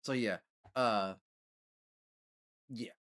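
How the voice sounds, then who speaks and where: A man's voice: medium pitch, drawn-out words, fairly bright tone. A man chatting casually with his live-stream audience, rambling with lots of fillers and frequent laughter. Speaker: livestreamer.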